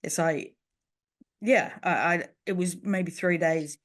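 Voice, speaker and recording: Earnest, low-voiced woman. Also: slow pace. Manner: earnest and reflective, many "you know" fillers. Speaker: podcast co-host. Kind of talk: casual podcast chat.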